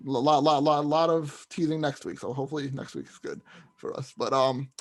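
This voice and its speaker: A man's voice: mid-range voice, steady tone, a little fast, creaky. A young man co-hosting a podcast, chatting casually about wrestling with lots of fillers and restarts. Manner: rambling, many fillers and restarts. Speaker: podcast co-host.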